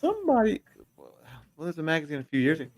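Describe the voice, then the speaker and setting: A man's voice: fairly high pitch, wildly swooping pitch, quick pace, a little hiss or hum. A man hosting a casual podcast, teasing his guest and reading out chat comments. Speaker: podcast host.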